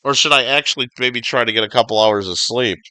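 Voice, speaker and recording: Bright-voiced chatty male gaming streamer. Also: mid-range voice, fast, no room sound. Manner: chatty, reads viewer comments aloud, swears casually. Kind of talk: casual livestream gaming chat.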